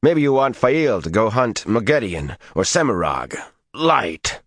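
A man's voice: mid-range voice, very animated, measured pace, a bit bright, no room sound, clean studio sound, voice pushed up, full character voice. A man voicing a blunt, protective young man who growls in exasperation. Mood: angry.

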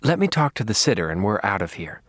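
A man voicing a brisk, cheerful adult woman in an audiobook reading. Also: lowish voice, very animated, a bit bright, dry recording, clean studio sound.

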